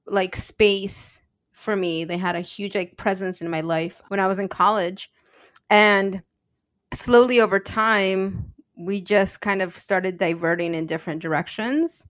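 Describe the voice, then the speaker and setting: A woman's voice: mid-range voice, no echo, studio quality. A woman co-hosting a podcast in casual chat. She tells personal stories in an earnest, open way. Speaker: podcast co-host.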